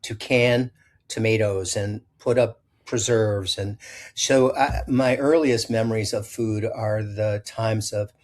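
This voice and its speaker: A man's voice: fairly low pitch, slow pace. An older man from Illinois, a chef being interviewed, telling rambling childhood stories with many restarts and quoted voices. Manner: rambling, self-correcting anecdotes with animated quoted voices. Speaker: chef guest. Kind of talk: storytelling interview.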